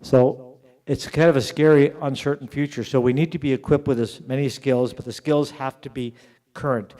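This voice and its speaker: A middle-aged man giving a conference keynote, emphatic, slowing down and repeating words to stress his points. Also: mid-range voice, fairly even intonation, warm tone. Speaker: keynote speaker at an education summit. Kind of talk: conference speech.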